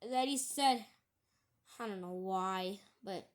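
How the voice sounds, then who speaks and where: A woman talking casually in a video, reading out online comments and scoffing at them in halting, rambling sentences. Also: medium pitch. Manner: halting, rambling, with many restarts. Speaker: YouTuber.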